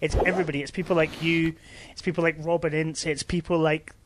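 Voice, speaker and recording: Un uomo, co-conduttore di un podcast, parla in modo schietto e ride spesso durante una chiacchierata registrata al telefono. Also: male voice, a little high, flat delivery, fast, background noise. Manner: laughs easily, blunt and sweary. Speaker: podcast co-host. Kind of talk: casual chat. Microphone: phone line.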